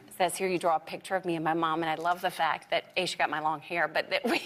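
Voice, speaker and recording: A woman's voice: lowish voice, flat delivery, quick pace, fairly bright tone. A woman guest on a talk show, gushing about her young daughter's drawing.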